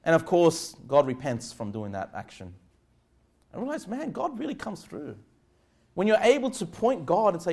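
High-voiced man preaching a conversational sermon. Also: big pitch swings, normal speed. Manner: conversational preaching, rising to loud emphatic prayer. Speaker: pastor.

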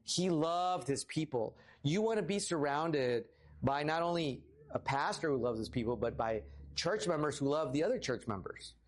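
A man in his thirties preaching a casual sermon as pastor, lively and talkative, rising for emphasis. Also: moderate pace. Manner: casual, animated, rises in pitch for emphasis. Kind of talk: conversational sermon.

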